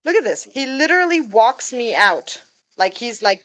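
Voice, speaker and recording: A woman's voice: fairly high pitch, big pitch swings, normal speed, a bit bright, poor audio. A woman vlogger chatting casually while doing chores in a goose coop, rambling with fillers and chuckles.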